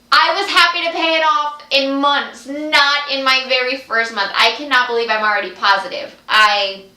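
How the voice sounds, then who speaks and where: Bright, gushing young woman vlogging. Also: fairly high pitch, moderate pace, roomy sound. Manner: gushing, breathless excitement, repeats herself. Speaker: vlogger, clothing sales consultant. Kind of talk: excited direct-to-camera vlog.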